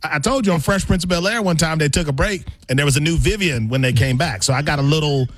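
A man co-hosting a sports radio show, talking in a loose, expressive, self-deprecating way. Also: fairly high pitch, fast, no room sound. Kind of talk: casual sports talk.

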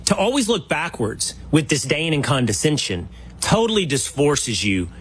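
A man's voice: fairly high pitch, big pitch swings, normal speed, slightly rough. A male talk show host giving emphatic, opinionated remarks.

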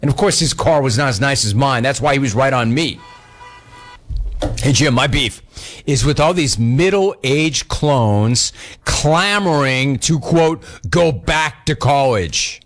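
A middle-aged man hosting a talk radio show, telling exasperated stories in a casual, animated way. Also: mid-range voice, measured pace.

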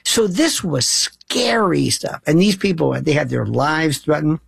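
A man's voice: a little high, big pitch swings, measured pace, vocal fry, slightly rough, no room sound. A man hosting a talk show, delivering a rambling, emphatic monologue with frequent restarts. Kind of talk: casual monologue.

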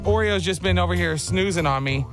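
A man's voice: high-pitched, brisk, music in the background. A male radio host running a call-in game on a morning show, joking and teasing his co-host. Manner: playful, laughing, teasing.

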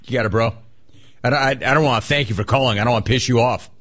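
A middle-aged man hosting a call-in radio show, chatting casually and riffing on his pet peeves. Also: fast. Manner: animated, mocks people in a high put-on voice.

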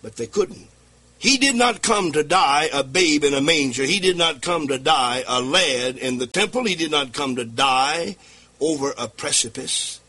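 A man preaching with fervor, his husky, bright voice climbing and falling in a lively, sing-song sweep. He drives his points home through repetition and bursts into near-shouts at the peaks. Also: fairly high pitch, normal speed. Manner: impassioned, rhythmic preaching with repeated phrases and shouted climaxes. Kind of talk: sermon.

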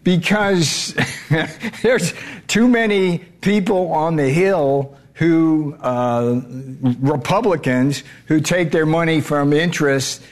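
A man answers an interviewer bluntly, leaning hard on his points. He restarts and repeats words as he goes. His voice sits a little high for a man. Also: slow pace. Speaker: trade adviser guest.

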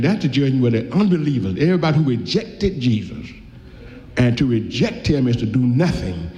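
Folksy preacher in an echoey hall. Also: male voice, mid-range voice, mellow. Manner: folksy, quotes scripture slowly and then speeds up with asides. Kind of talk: sermon. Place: church. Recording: echoey hall, dull lo-fi sound.

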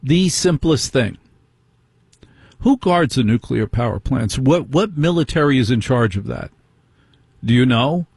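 A man's voice: medium pitch, lively intonation, unhurried, long pauses, a little mellow, breathy edge, dry recording, studio quality. A middle-aged man hosting a call-in talk radio show, indignant and firing off rhetorical questions.

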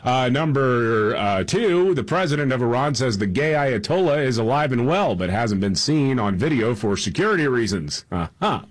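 A man co-hosting a radio talk show, running through the day's top stories in a relaxed, chuckling way. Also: mid-range voice, moderate pace, hardly any pauses. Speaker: radio talk show co-host reading headlines. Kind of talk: casual radio news rundown.

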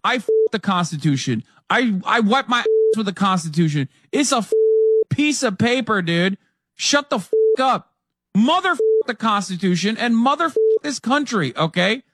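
A man shouting an angry, profane tirade. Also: high voice, animated, normal speed, no echo, studio quality.

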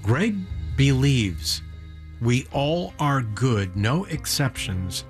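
A man hosting an interview, asking thoughtful, earnest questions and reading measured narration. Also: medium pitch, animated, soft background music. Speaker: interview host.

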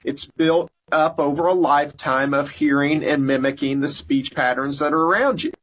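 Husky man hosting a health talk show. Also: a little high, a bit bright. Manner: clear explanatory delivery, repeats phone numbers slowly. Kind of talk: scripted radio health talk.

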